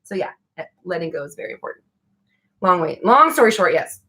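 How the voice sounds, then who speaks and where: Casting note: young adult woman, lower-pitched, chatty livestream host, blunt and casual. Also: very animated, fairly quick, pushed and bright. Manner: chatty, frank, swears casually, laughs often. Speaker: livestream host answering viewer questions. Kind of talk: casual live Q&A chat.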